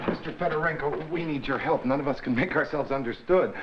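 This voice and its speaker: An actor playing a hurried flustered aide. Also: male voice, a little high, close to an everyday voice. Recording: dull old TV audio, loud hiss and clicks.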